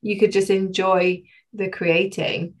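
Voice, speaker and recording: A chatty woman speaking as a podcast guest. Her voice sits at a middle pitch. She laughs easily and leaves sentences unfinished as she thinks aloud. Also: flat delivery, slow pace, poor audio. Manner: chatty, laughs often, trails off mid-sentence. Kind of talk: casual podcast chat.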